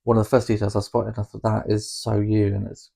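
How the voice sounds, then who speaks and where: Gravelly low-voiced man. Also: completely flat delivery, fairly quick, dark tone. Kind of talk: casual chat.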